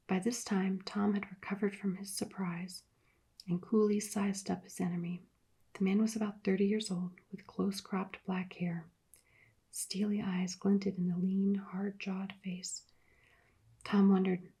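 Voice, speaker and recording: Husky, whispery soft-spoken woman narrator. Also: mid-range voice, flat delivery, measured pace. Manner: hushed, partly whispered reading. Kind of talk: soft-spoken ASMR book reading.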